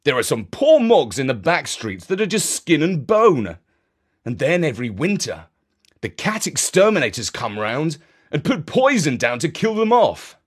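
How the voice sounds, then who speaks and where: A man's voice: on the high side, huge pitch swings, moderate pace, breathy edge, voice pushed up, exaggerated voice. A man playing a blunt, teasing uncle in a children's audio story, his tone matter-of-fact.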